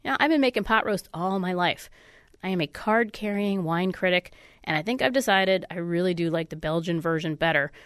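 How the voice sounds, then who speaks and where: A woman's voice: on the low side, brisk, clean tone, no echo, studio quality. A woman hosting a radio food show, chatty and upbeat, with a stuffy nose. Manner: chatty, upbeat, self-deprecating. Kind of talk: casual radio food segment. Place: radio studio. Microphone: studio microphone.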